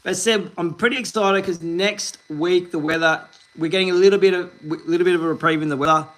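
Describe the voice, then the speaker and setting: Aussie bloke in his 40s doing a fishing livestream, high bright voice, rambly and upbeat chatting to viewers. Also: fairly even intonation, fairly quick. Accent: Australian. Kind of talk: casual live-stream chat reading comments.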